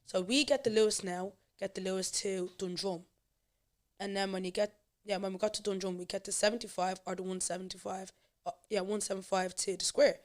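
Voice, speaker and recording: A woman's voice: medium pitch, fairly even intonation, fairly quick. A young Irish woman, a podcast guest, candidly telling her personal life story with emotion.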